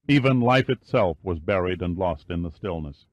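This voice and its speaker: A man narrating an audiobook in a measured, steady reading style. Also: sits low, no room sound. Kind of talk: scripted narration.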